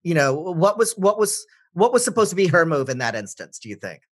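A man's voice: fairly high pitch, sing-song, brisk, a bit bright. A man hosting a casual interview, asking long rambling questions. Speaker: host.

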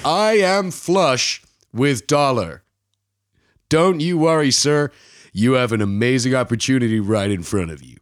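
A man voicing a boastful, wealthy American con man with an over-polished sales pitch. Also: animated, measured pace, no room sound, studio quality, natural voice. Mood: smarmy.

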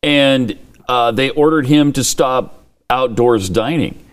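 A man's voice: mid-range voice, slow, clear, resonant tone. A man co-hosting a talk show, telling stories in a casual chat and acting out the people he quotes. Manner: lively storytelling, acts out quoted people. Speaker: co-host.

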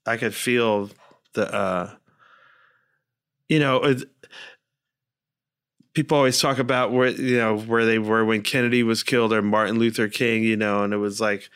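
A man's voice: lowish voice, fairly even intonation, moderate pace, pauses often, clear, resonant tone. A man co-hosting a podcast, speaking in a hesitant, reflective way in casual chat. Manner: soft-spoken, hesitant, reflective. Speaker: podcast co-host.

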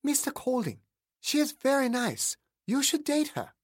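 A man voicing an odd, gentle woman scientist who speaks slowly in short, simple phrases, in an audiobook. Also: sits high, sing-song, no echo, clean studio sound, pitched above the performer's own voice. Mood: coaxing. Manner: slow, halting, simple phrasing.

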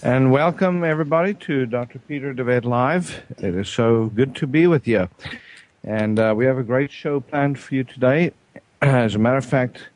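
A South African man hosting a studio talk show, hesitant, with frequent throat clearing and fillers. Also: medium pitch, moderate pace. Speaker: host. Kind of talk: casual radio talk show.

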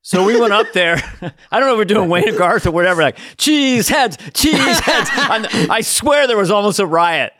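A man's voice: sits high, brisk, a bit bright, no echo, studio quality. An older man co-hosting a podcast, telling rambling comedy anecdotes in casual chat. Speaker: podcast co-host.

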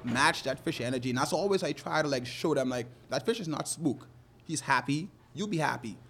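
Animated, laughing fishing guide man. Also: a little high, a little fast, husky. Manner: animated, laughs often, loose rambling phrasing. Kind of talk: casual interview talk.

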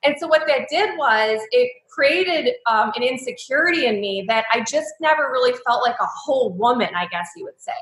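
A woman in her thirties tells her own story in an interview, open and heartfelt, her talk full of likes and ums. Her voice is bright and forward and sits a little high. The room around her rings with echo. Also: lively intonation, moderate pace, few pauses. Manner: candid, emotional, speaks with many likes and ums. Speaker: guest.

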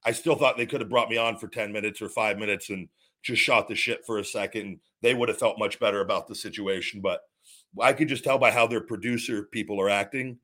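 A man's voice: lowish voice, steady tone, fairly quick, bright, forceful tone. A middle-aged man hosting his own talk show, telling a story in a blunt, profane, rambling way and acting out what others said. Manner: quotes others in retold dialogue. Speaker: host. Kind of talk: casual solo talk.

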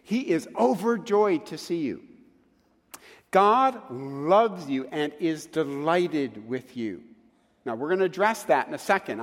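Animated male preacher in a reverberant hall. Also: a little high. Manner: animated storytelling with acted asides. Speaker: pastor. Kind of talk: sermon.

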